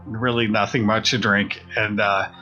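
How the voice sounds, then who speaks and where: A man's voice: fairly low pitch, moderate pace, lo-fi sound, soft background music. A man co-hosting a podcast, casually telling a story and acting out the voices of the people in it. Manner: animated retelling, acts out quoted voices. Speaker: podcast co-host.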